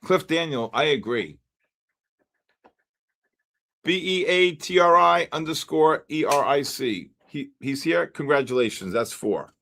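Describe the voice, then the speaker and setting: A man's voice: on the high side, animated, measured pace, vocal fry, sharp tone. A man hosting a live trading stream, calling out viewer names one by one like an auctioneer. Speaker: livestream host.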